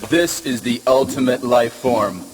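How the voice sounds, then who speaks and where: A man voicing a cold, scheming male villain in a 1990s video game, drawing out his lines with slow menace. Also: medium pitch, close to an everyday voice. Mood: gloating. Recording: hissy, noisy game audio.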